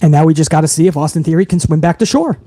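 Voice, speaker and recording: A young man with a high-pitched voice rants on a live wrestling podcast stream, heated and profane. He reads viewer messages aloud between outbursts. The sound is very dry and close to a desk mic. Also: racing, dark tone, no room sound.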